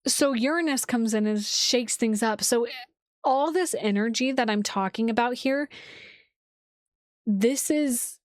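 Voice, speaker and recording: A woman's voice: fairly high pitch, measured pace, no echo, clean studio sound. A woman astrologer hosting a casual livestream, talking loosely with many "like"s and restarts. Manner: rambling, full of "like" and restarts. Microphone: streaming setup, seated in a chair.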